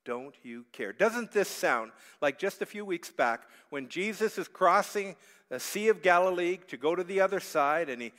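Man, pastor, sermon, fairly high voice, dynamic delivery, long hall reverb. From Canada. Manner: dynamic, swings from hushed to loud pleading. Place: church sanctuary.

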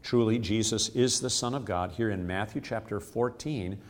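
Low-voiced man teaching scripture earnestly. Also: moderate pace. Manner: earnest, explanatory, repeats key phrases. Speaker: devotional podcast host.

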